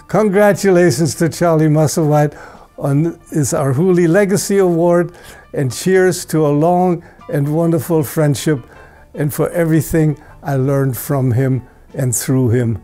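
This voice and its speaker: A man's voice: a little high, measured pace, warm tone, soft background music. An older man presenting an award, telling a plain-spoken, storytelling tribute and chuckling now and then. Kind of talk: anecdotal tribute speech.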